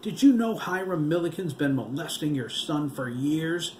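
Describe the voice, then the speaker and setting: Guy doing a shrieky zombie kid, cruel and yelling, echoey audiobook room. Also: on the high side, animated, moderate pace, slight background noise, pitched above the performer's own voice, natural voice. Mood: screaming, cruel. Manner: shouted, cruel taunts. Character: dead zombie boy, savage and taunting.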